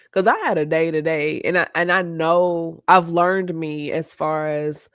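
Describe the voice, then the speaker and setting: A woman's voice: sits low, no room sound, clean studio sound. Reflective woman host. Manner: reflective, open, quotes herself and others in lively voices. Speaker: podcast host. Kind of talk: candid conversational chat.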